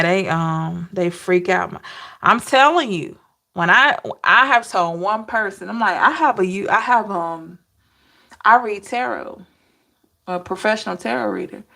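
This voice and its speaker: An unhurried woman chats with her livestream viewers, laughing often and calling out names from the chat. She talks like a tarot reader sharing stories, loose and conversational. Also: on the low side, vocal fry, pushed and bright. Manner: laughing, chatty, addresses chat by name.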